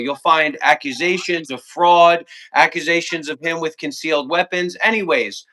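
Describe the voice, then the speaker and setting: A man's voice: fairly high pitch, bright, forceful tone. A man arguing on a livestream, profane and confrontational, firing off commands in long repetitive lists. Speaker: call-in guest. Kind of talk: heated livestream argument.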